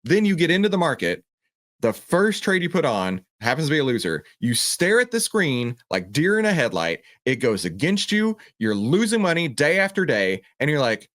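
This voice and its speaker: A man's voice: on the high side, moderate pace. A man hosting a livestream Q&A, talking with passion and acting out voices of other people. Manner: passionate, animated, mimics a panicking trader. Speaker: host answering viewer questions. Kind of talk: livestream Q&A on stock trading.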